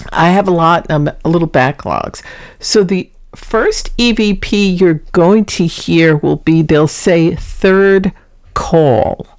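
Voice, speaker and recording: A woman's voice: lowish voice, a little mellow. A middle-aged woman hosting her own paranormal vlog, chatting casually as she introduces recordings.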